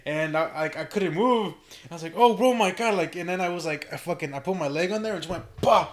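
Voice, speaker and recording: A young man tells animated stories on a podcast, laughing as he goes. His voice is fairly high, and the room echoes around him. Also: fast. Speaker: podcast guest. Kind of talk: casual podcast chat.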